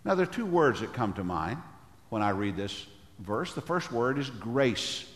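An older man preaching a sermon as pastor, with a big, loud voice, often clearing his throat. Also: mid-range voice, very animated, moderate pace, roomy sound, big-room sound.

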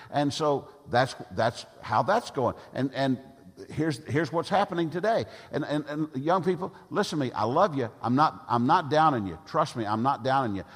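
A husky-voiced man preaching with a lively, swinging delivery. He hammers his points home by repeating phrases, and his voice rings out with a long echo through a church hall. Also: mid-range voice. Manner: emphatic, repeats phrases for effect. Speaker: pastor. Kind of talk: sermon. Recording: long reverb of a large hall.

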